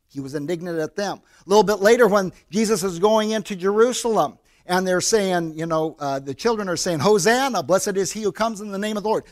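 An American man preaching a sermon, his voice sitting high for a man. He talks in an easy, conversational way and slips into quick quoted voices to act out little scenes. The delivery stays plain and personal. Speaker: pastor.

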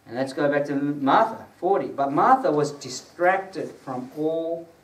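A man's voice: on the high side, animated, a little slow. A man preaching a teaching sermon to a small group in a conversational way. He quizzes his listeners and lifts his voice when he quotes scripture. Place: prayer gathering room. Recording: echoey room, distant mic, faint hiss.

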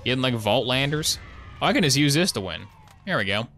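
A man's voice: medium pitch, expressive, fairly quick, a bit bright, a little hiss or hum. A young man giving casual, sarcastic live commentary while playing a shooter, rambling into jokey asides. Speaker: gaming streamer.

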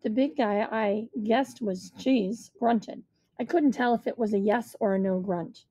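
A woman reads a first-person children's chapter book aloud in a measured, storytelling manner. Her voice is fairly high but mellow, and the recording is close and dry. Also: no echo. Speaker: audiobook reader.

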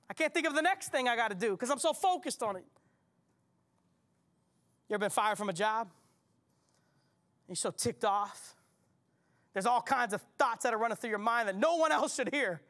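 A man's voice: sits high, a bit bright. A male pastor preaching a sermon, repeating his key lines with rising emphasis and turning to ask the congregation questions. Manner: conversational, asks the congregation questions.

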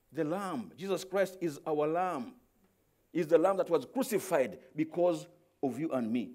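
A man preaching a sermon as pastor, moving from soft, low explaining to loud, stretched-out cries, and often repeating words as he searches for the next one. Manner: swings from quiet explaining to shouted, drawn-out exclamations.

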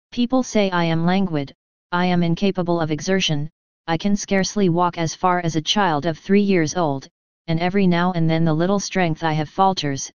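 A woman's voice: on the low side, clear, resonant tone, dry recording, dull audio, lightly acted. A woman reading as a languid young vampire noblewoman. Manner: soft, languid, murmuring.

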